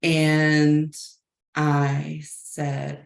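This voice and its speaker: Woman facilitator in her 30s–40s, slow and gravelly, candid story for a class, roomy echo. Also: low voice, sing-song. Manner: reflective, frank, many "like" fillers. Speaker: communication workshop facilitator.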